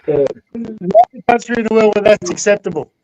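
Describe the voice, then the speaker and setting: A man's voice: high-pitched, animated, brisk, warm tone. Blunt man on a lo-fi call. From Australia. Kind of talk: casual chat on a call.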